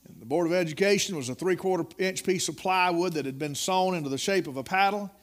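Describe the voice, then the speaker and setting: A middle-aged man preaching a sermon, telling a folksy, dramatic story that rises to loud peaks. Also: sits high, quick pace.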